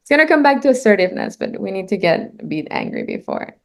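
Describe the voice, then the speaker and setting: A woman's voice: mid-range voice, very animated, a little fast, vocal fry. A woman coaching a client through an emotional session, encouraging her, laughing often and swearing casually.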